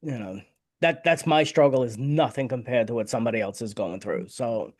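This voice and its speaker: A middle-aged man speaks as a guest in a casual interview, candid and heartfelt. His voice sits at an ordinary pitch. He often repeats and restarts words as he gathers his thoughts. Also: fairly quick, a little mellow. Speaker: guest, victim advocate. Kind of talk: casual conversation.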